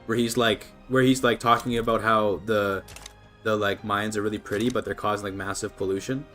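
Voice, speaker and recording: Fairly quick and fairly bright, this man's low-leaning voice keeps a fairly even intonation, with faint music playing behind. He's a Canadian from British Columbia livestreaming a strategy game, relaxed and chatty while responding to viewers' messages.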